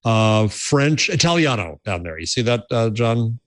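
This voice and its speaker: Talking a little slowly in a mid-range voice, this tech podcast co-host tells stories in an animated, casual way and keeps restarting his phrases. The recording is dry.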